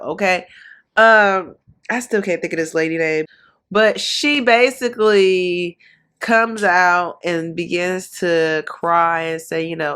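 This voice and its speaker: A woman giving blunt, gossipy commentary on a reality TV episode in a casual, animated way. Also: on the low side. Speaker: reaction commentator.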